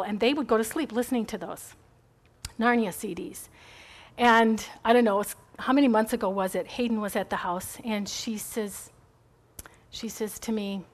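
A middle-aged woman giving a chatty, rambling faith talk to a group, encouraging and full of asides. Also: fairly high pitch.

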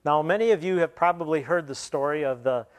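Man preaching a sermon, slightly high voice. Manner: retells scripture, then explains with pauses and restarts.

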